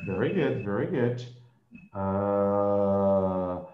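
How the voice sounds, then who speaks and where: A male English teacher with a Brazilian Portuguese accent, leading an online group class slowly and patiently, repeating his praise. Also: lowish voice, expressive, roomy sound, phone-quality sound, over music.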